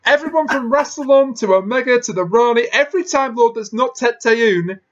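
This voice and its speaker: A podcast host lays out arguments step by step in a relaxed review chat. The voice sits at a middling pitch. The mic sounds slightly dull and lo-fi. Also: fairly quick, heavy background noise. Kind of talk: casual chat, episode review.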